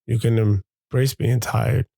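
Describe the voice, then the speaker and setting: A man's voice: mid-range voice, level tone, slow, vocal fry, warm tone, dry recording. A man, a father hosting his own show, speaking in a candid, confessional monologue that halts and repeats as he gathers his thoughts.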